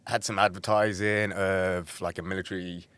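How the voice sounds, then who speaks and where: A Welsh man in his thirties from Cardiff, a podcast guest telling his story in a relaxed, friendly way. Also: sits low, moderate pace, smooth, no echo. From Cardiff, Wales. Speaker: guest, personal trainer. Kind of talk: casual podcast interview. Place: small studio.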